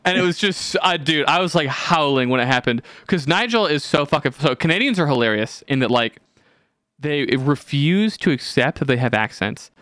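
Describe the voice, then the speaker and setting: A young man co-hosting a podcast, telling stories in casual chat, animated and swearing freely, acting out the people he quotes. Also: on the high side, moderate pace, smooth, no echo. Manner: swears a lot, animated storytelling with quoted voices. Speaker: podcast co-host.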